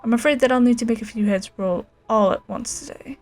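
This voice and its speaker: A woman's voice: a little high, brisk, darkish tone, natural voice. A woman voicing a haughty, scheming middle-aged male noble who talks down to his ward, reading game dialogue aloud. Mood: smug. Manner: smug, condescending.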